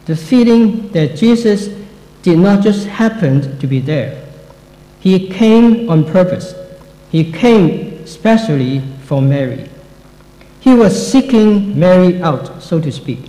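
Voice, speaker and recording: Slow, mellow man teaching the Bible. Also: a little high. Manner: slow, measured and reflective. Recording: echoey room with long reverb.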